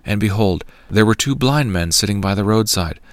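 A man reading scripture aloud in a measured, even way. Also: fairly low pitch, no room sound. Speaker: scripture reader.

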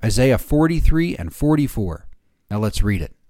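A man hosting a daily Bible reading podcast, giving devotional commentary in a measured way and slowing down for quoted scripture. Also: medium pitch, very animated, mellow, no echo.

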